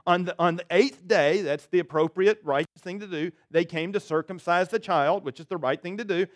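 Male pastor, sermon, high-pitched voice, conversational, animated retellings. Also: a little fast, dry recording. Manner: conversational, acts out quotes, repeats words.

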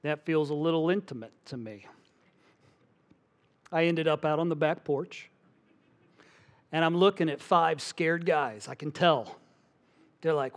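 Male pastor, middle-aged, animated sermon storyteller with a slightly high voice. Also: unhurried, long pauses.

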